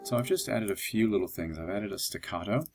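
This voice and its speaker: A man teaching music notation in a calm, explanatory software tutorial, with a husky voice and the odd filler. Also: fairly low pitch, fairly quick.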